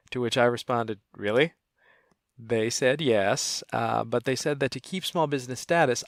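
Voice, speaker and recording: Man, deadpan pitch, mid pitch, close dry mic, self-mocking comic. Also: creaky, dry recording. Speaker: comedian and small business owner. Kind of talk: crowdfunding pitch to camera.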